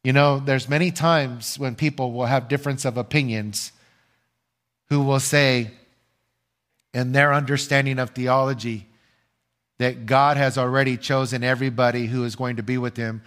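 An older man delivers a sermon from the pulpit at a middle pitch. He preaches earnestly, posing questions to the congregation and pausing before he answers them himself. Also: steady tone, a bit bright. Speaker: pastor.

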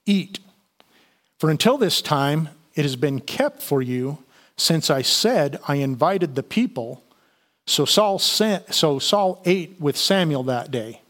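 A man with a slightly higher voice delivers a relaxed, conversational sermon. He walks through the scripture passage, stopping to explain it with plenty of "you know" and small restarts. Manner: conversational Bible teaching with fillers and restarts. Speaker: pastor.

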